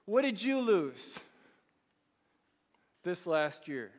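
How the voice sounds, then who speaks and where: A male pastor preaching a sermon, asking rhetorical questions and slowing down and rising in pitch when he reads scripture. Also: sing-song. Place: church sanctuary. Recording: church hall with long reverb.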